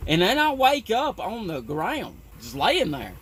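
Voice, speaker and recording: A man's voice: high-pitched, wildly swooping pitch, measured pace, a bit bright, breathy edge. A man who works on a tree-trimming crew, telling a story in a rambling, profane way with lots of "you know". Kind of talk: casual storytelling.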